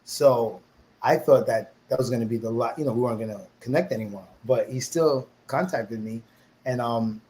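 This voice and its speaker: Animated New man telling his story. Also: mid-range voice, moderate pace, slight background noise, rough recording. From New York, USA. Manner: animated storyteller who acts out quoted voices. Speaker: interview guest. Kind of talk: casual storytelling interview.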